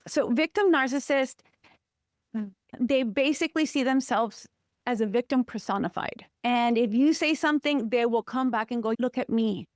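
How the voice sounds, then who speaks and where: A woman counselor talks as a podcast guest, emphatic and expressive as she tells personal stories. Her voice sits somewhat high, and the sound is dry and close with no room echo. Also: moderate pace. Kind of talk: personal conversational interview talk.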